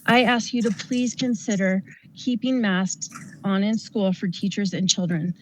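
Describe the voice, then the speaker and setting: A woman nurse speaks in an earnest, pleading tone, delivering a prepared public comment to a county board. Her voice sits at an ordinary middle pitch, with a faint hiss of noise underneath. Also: fairly even intonation, measured pace, low-quality recording. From Colorado.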